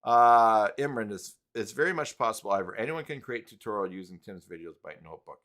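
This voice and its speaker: A man's voice: lowish voice, expressive, brisk, few pauses, fairly bright tone. A man hosting a casual live stream, rambling and reading chat messages aloud.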